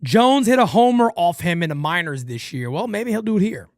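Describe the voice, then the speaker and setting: A man hosts a live fan broadcast of a baseball game and wanders off on profane tangents. His pitch jumps up and down constantly as he talks. The sound is dry and close to the mic. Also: brisk, no room sound. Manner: animated, rambling, swears casually. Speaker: livestream host. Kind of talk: live fan play-by-play commentary.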